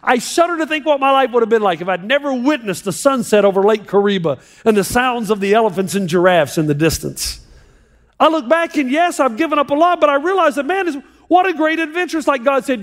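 A man preaching a sermon as pastor, animated and joking with a live audience in a large hall. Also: extremely high pitch. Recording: long hall reverb.

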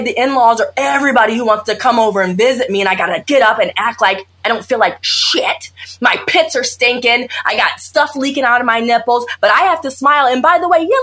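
Blunt, husky-voiced woman doctor. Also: a little high. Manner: blunt, animated, sarcastic, acts out quotes. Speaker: OBGYN doctor, guest. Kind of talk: candid conversational interview.

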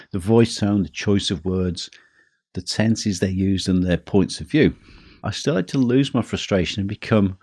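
A man speaks in a low, slightly husky voice as he hosts a podcast about teaching. His delivery is measured, easing the pace for emphasis. The sound is dry and close, with no room echo. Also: darkish tone. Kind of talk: scripted podcast talk.

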